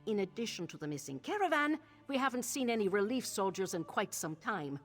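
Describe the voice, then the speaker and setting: An actress voicing a weary woman guard of an undersupplied garrison in a video game, with a flat, uneven delivery over faint game music. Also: mid-range voice, fairly quick. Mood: worried.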